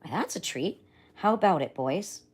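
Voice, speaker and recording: A woman's voice: fairly low pitch, lively intonation, normal speed, a little mellow, husky. A woman voicing a sly, friendly male crocodile in a children's storybook reading. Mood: pleased.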